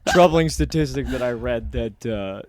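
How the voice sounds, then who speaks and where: A man co-hosting a comedy podcast in casual chat, telling stories with lots of swearing and animated, mocking quoted voices. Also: mid-range voice, moderate pace, crowd noise.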